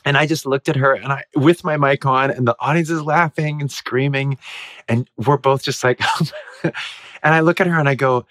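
A man, a musical theatre actor guest, telling stage stories in a casual, animated way, laughing and acting out the lines he quotes. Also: mid-range voice, normal speed, no room sound, studio quality. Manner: animated, giggly storyteller who acts out quotes.

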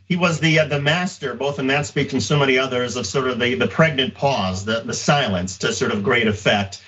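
A man's voice: medium pitch, a little fast, a bit bright, far from the mic, lo-fi sound. A man hosting an interview, asking long, rambling questions full of fillers. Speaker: host. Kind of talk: interview host.

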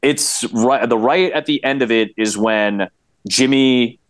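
A man talks with eager enthusiasm in a casual podcast chat, often restarting his sentences as he goes. His voice sits in a middle pitch. The recording is dry and close, with no room sound. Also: dry recording. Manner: enthusiastic, many quick restarts. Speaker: podcast guest, play-by-play broadcaster.

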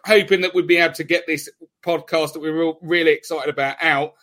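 Male co-host, higher pitch, upbeat and jokey. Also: steady tone, fast talker, bright, forceful tone. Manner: enthusiastic, joking and laughing. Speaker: podcast co-host. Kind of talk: casual podcast chat.

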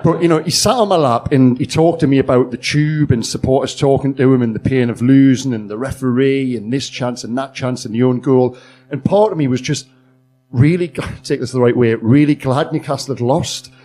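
A man on a live podcast panel, talking in a relaxed, chatty way and laughing easily. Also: mid-range voice. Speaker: football journalist on a podcast panel. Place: comedy club stage before a live audience.

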